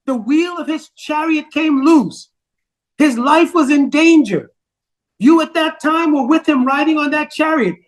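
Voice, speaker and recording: A man plays a scheming old nursemaid, bitter and manipulative, in an epic storytelling style. He scolds in a low, insinuating way while keeping a high tone.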